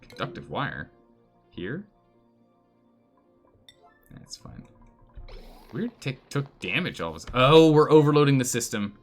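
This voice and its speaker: Animated man streaming gameplay. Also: medium pitch, slow pace, pauses often, soft background music. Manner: animated, exclaims and pleads with game characters. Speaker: streamer playing a colony game. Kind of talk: live gameplay commentary.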